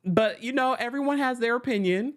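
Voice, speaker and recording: A host giving casual pop culture news commentary in a dramatic, animated way, laughing often. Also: medium pitch, fairly quick.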